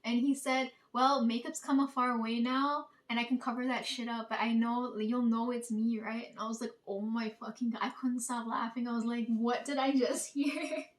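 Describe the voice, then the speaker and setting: A woman's voice: fairly high pitch, flat delivery, moderate pace, hardly any pauses. A woman telling a story in a casual, chatty way, swearing freely and often breaking into laughter. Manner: chatty, profane, laughs while retelling. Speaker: channel host. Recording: voice somewhat distant from mic.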